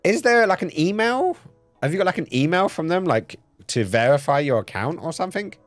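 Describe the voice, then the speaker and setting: A man's voice: on the high side, sing-song, brisk, no room sound, soft background music. A man with a Cockney accent hosting a casual gaming stream, cheeky and full of banter. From England. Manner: cheeky, laughing, banter-heavy. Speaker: streamer host.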